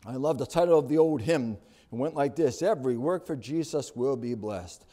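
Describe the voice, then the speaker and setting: A man's voice: medium pitch, moderate pace, dark tone. A middle-aged male pastor preaching a sermon, building emphasis with rhetorical questions.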